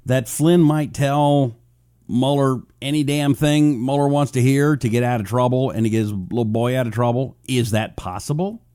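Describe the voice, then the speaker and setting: A man's voice: medium pitch, normal speed, warm tone, clean tone. A man hosting a political talk radio show, rambling casually, joking at his own expense and reading listener comments aloud.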